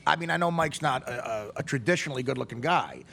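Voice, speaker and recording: A man's voice: mid-range voice, lively intonation, fast, creaky, a bit bright, a little hiss or hum. A man hosting a talk show in casual chat, teasing and rowdy, often stumbling and restarting.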